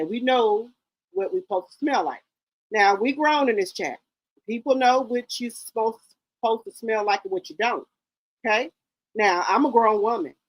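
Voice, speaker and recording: A woman's voice: a little high, dry recording, poor audio. Sassy, blunt woman in her fifties. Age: 50s. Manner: blunt, sassy, curses freely. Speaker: livestream host. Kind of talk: casual livestream chat.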